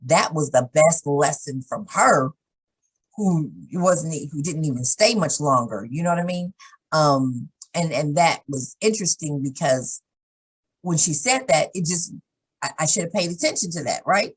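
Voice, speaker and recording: A woman guest in casual conversation, telling candid stories in an animated way. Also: low-pitched, moderate pace, breathy edge, poor audio. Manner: animated, acts out others' lines in changed voices; candid, swears now and then.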